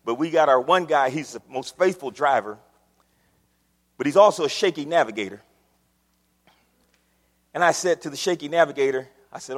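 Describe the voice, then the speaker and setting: A male preacher with a high, very animated voice, telling a story in a sermon. He swings from hushed asides to emphatic, loud lines, and the sound rings with a long hall reverb. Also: moderate pace, pauses often.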